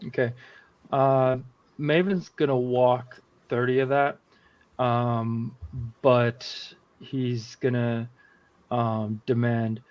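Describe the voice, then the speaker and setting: A man playing a tabletop game, asking the game master questions in an unhurried way. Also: mid-range voice, level tone, darkish tone, muffled recording. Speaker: player.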